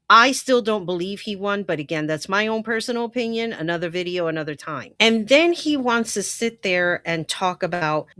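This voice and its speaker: A woman's voice: lowish voice, fairly bright tone, no echo, studio quality. A woman hosting a political commentary channel, blunt, indignant and profane as she reacts to a clip.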